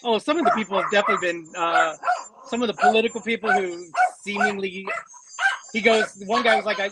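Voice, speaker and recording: A man's voice: high voice, fairly even intonation, fairly quick, noisy background. A man co-hosting a casual podcast, rambling with many restarts and fillers. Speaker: co-host.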